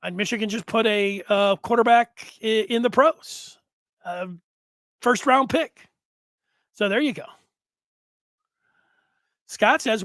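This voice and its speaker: High-voiced rambling sports talk host. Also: male voice, measured pace, long pauses, a bit bright, no echo. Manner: rambling, frequent restarts, chuckles. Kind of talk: casual sports talk, reading viewer comments.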